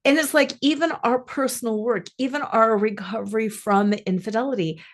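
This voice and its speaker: A woman's voice: a little high, fairly even intonation, normal speed. A woman life coach and podcast host telling a personal story in an earnest, musing way, stretching some phrases.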